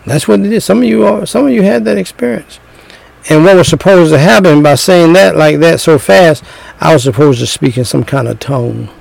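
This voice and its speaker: A middle-aged man preaching a sermon, slow and emphatic, repeating phrases and telling stories. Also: fairly high pitch, creaky, darkish tone, no room sound, low-quality recording.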